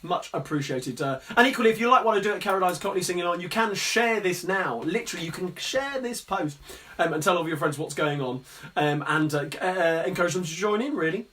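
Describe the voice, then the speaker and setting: A man's voice: sits high, lively intonation, fairly quick, bright, forceful tone. A man hosting a live-streamed sing-along from his music room at home, chatting in a friendly, rambling way between songs. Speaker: sing-along host and performer. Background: guitar playing.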